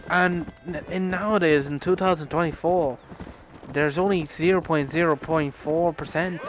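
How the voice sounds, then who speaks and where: A man's voice: on the high side, steady tone, normal speed, a little hiss or hum, poor audio. A young man rambling through a casual story over gameplay, swearing a lot and laughing at his own rant. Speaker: gaming commentator.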